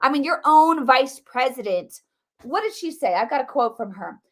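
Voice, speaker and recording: A woman hosting a live political commentary stream, talking quickly and emphatically. She repeats herself and fills her sentences with "like". Her voice sits a little high. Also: expressive. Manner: rapid, repetitive, emphatic, with many "like" fillers.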